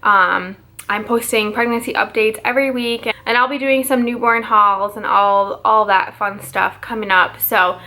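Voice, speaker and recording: Bright-voiced chatty young woman vlogger. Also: mid-range voice, fairly even intonation, normal speed. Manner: chatty, lots of "like", quotes others in her own voice. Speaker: mom vlogger. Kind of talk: casual storytime vlog.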